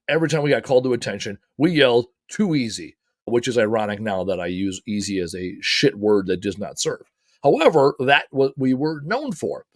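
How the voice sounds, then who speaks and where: A middle-aged man from the United States giving an energetic, emphatic motivational talk as host, swearing casually. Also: mid-range voice, no echo, clean studio sound.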